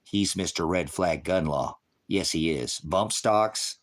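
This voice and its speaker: A man's voice: low-pitched, takes it slowly. Heated, profane middle-aged man ranting. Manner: lectures the viewers and the chat directly. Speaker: livestream host. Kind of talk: livestream rant.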